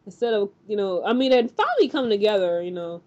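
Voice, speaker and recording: A woman casually recapping a TV episode, talking in an animated, chatty way with lots of fillers and acted-out quotes. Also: medium pitch, fast, lo-fi sound. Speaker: TV recap host.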